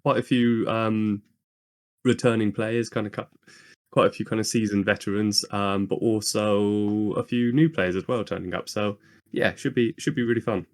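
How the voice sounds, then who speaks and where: Guy, kinda low voice, lots of ums, chill podcast chat. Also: fairly even intonation, moderate pace. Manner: hesitant, lots of ums and likes. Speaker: podcast co-host. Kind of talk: casual chat.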